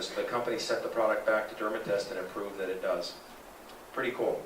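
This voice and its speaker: A lower-voiced man makes an animated sales pitch to a live audience, asking the crowd questions. He sounds set back from the mic in an echoey room. A faint hum of the room sits behind him. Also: fairly quick, far from the mic. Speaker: presenter at a sales talk.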